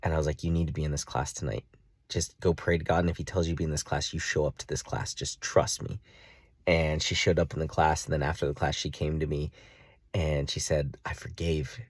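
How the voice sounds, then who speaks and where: A man telling a long personal story in a casual vlog, rambling with many fillers and jumping into a high, excited voice when he acts out his own reactions. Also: brisk, husky, dry recording, studio quality. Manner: jumps to a high excited pitch when reenacting himself. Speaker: vlogger.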